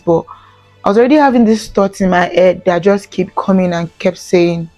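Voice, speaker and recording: A woman's voice: mid-range voice, normal speed, darkish tone, faint music behind. Earnest woman telling her story. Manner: earnest, repeats phrases for emphasis. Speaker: vlogger. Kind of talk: emotional personal storytelling.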